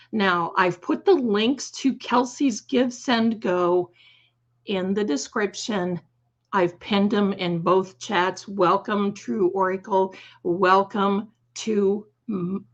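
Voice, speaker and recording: A slightly hoarse woman hosting a live stream, chatting fondly with viewers and calling them her darlings. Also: medium pitch, highs cut off. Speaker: livestream host. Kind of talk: casual livestream chat.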